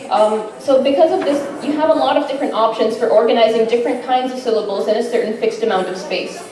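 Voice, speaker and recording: A woman's voice: a little high, fast talker, crowd noise. A woman giving an informal class presentation, enthusiastic and chatty, with frequent fillers. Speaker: student presenter. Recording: echoey room, mic far off.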